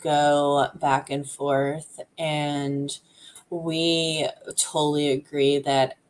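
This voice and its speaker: A woman's voice: low voice, level tone, slight background noise. A young woman chatting casually as a guest on a reading stream, hesitant and trailing off as she talks. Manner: slow, hesitant, trails off and restarts. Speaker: guest co-host. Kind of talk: casual livestream chat.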